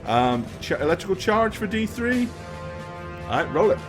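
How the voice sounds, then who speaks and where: A man's voice: sits high, big pitch swings, moderate pace, over music. A man running a tabletop game as game master, narrating rolls and actions with laughs.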